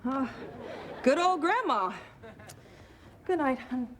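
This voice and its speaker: High, lively teasing mom. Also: female voice, slow, noisy background. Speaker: mother. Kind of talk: sitcom acting.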